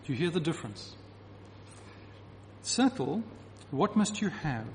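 A man's voice: fairly high pitch, animated, moderate pace, pauses often, darkish tone, a little hiss or hum. A man preaching a sermon to a congregation, emphatic and repeating key phrases to drive his point home. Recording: reverberant hall with faint ambience.

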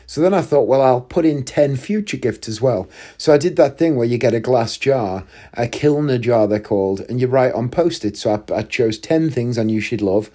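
A man in his forties telling funny personal stories in a casual, chatty way, breaking into loud laughter often. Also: mid-range voice, lively intonation, normal speed, few pauses. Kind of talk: casual storytelling monologue.

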